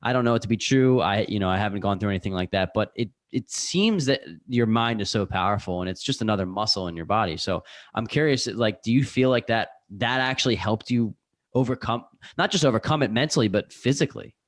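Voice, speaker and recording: A man's voice: lowish voice, fairly quick. A man co-hosting a podcast, musing and hedging as he thinks aloud in casual chat. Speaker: podcast co-host.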